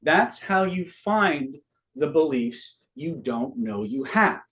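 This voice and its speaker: A man's voice: a little high, very animated, slow, fairly bright tone. A middle-aged man teaching a live online master class in a casual way, swearing freely and quizzing his audience.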